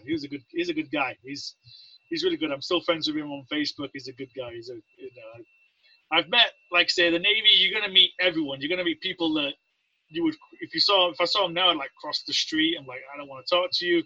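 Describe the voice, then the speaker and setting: Telling loose, rambling stories as a podcast guest, a Navy veteran from England with an English accent acts out what others said. His voice is a little high, sharp-toned and husky. The audio is muffled with no echo.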